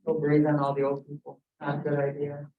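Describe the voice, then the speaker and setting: A woman's voice: sits low, completely flat delivery, fairly quick. Chatty woman on a distant dull mic. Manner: chatty, tells anecdotes with quoted asides. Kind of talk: casual meeting chat. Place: county meeting room.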